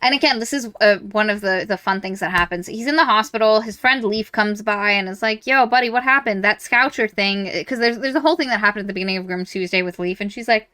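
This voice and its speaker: Bright-voiced woman gushing about books, acts out reactions, swears a lot, dry close sound. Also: medium pitch, quick pace, few pauses, no echo. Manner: animated, acts out quoted reactions, swears freely. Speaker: podcast co-host. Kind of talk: casual book discussion.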